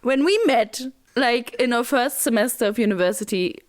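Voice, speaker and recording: Young female podcast co-host, slightly high-pitched, teasing and dry. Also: normal speed. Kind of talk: casual chat.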